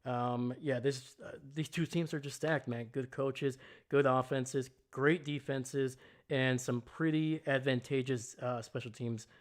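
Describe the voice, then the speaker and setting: Speaking unhurriedly with fairly even intonation, a man hosts a casual football livestream. He rambles through his thoughts and chats with viewers, greeting the chat loudly with jumps in pitch.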